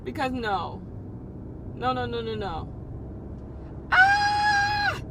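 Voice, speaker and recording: A woman's voice: sits high, animated, a little slow. A young woman vlogging from her car on a dashboard camera, talking in a dramatic, mock-tearful way. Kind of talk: casual car vlog. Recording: faint car noise. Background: car noise.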